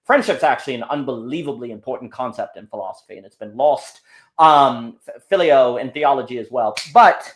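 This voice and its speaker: Animated man telling stories in conversation. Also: mid-range voice, a little fast. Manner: animated, rambling storytelling with frequent restarts. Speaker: podcast guest. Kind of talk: casual conversation.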